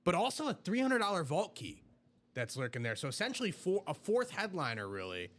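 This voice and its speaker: A man co-hosting a live sales stream, explaining the offers in a casual way with some filler pauses. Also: high voice, wildly swooping pitch, a bit bright. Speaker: co-host.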